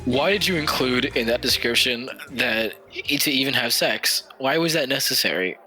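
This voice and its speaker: A young man co-hosting a comedy podcast, casual and teasing with quick joking asides. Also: medium pitch, lively intonation, pushed and bright, faint music behind. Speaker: podcast co-host.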